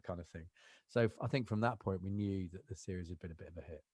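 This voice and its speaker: A man's voice: low-pitched, fairly even intonation, rapid-fire, a little mellow, slightly rough, no room sound, studio quality. A man, an actor telling rambling anecdotes as a podcast guest. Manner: rambling anecdotal storytelling, lots of fillers. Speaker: actor and voiceover artist, guest. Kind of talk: casual interview chat.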